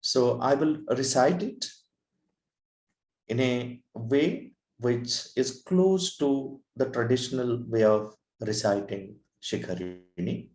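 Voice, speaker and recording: A man teaching Sanskrit verse meters in a lecture, explaining slowly and deliberately, then chanting verses melodically. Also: mid-range voice, a little mellow, roomy sound, poor audio.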